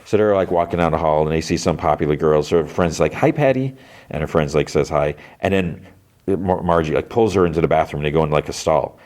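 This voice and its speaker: A man's voice: rumbling low, steady tone, fast talker, darkish tone. A man hosting a podcast, casually retelling a TV episode scene by scene and quoting the characters in a raised voice. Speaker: podcast host.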